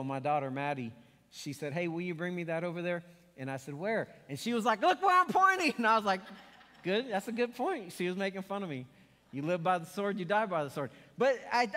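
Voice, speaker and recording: A man's voice: fairly high pitch, big-room sound. A middle-aged man preaching a sermon in a church, telling stories and acting out quotes in a conversational way. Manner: conversational storytelling with acted quotes. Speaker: pastor. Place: church sanctuary.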